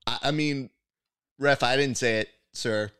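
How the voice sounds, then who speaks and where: A man hosting a casual podcast interview, telling lively coaching stories with acted-out voices and some swearing. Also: mid-range voice, unhurried, a crowd in the background. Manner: animated storyteller, acts out voices in anecdotes, swears. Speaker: podcast host, wrestling coach.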